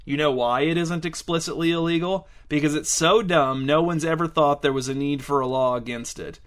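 A man's voice: fairly high pitch, fairly quick, close to an everyday voice. A man reading as a preachy lady cop. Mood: lecturing. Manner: preachy, condescending. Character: stern, lecturing female police officer. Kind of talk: audiobook reading.

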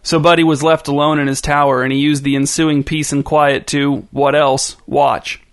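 A man's voice: on the high side, flat delivery, moderate pace, gravelly. A man reading a story aloud as narrator in a dry, wry manner.

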